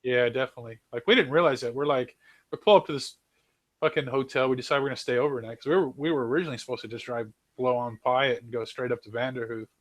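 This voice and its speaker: A man from New Zealand in casual chat, animated, laughing often and swearing casually. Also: mid-range voice, fast talker, no echo. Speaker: host.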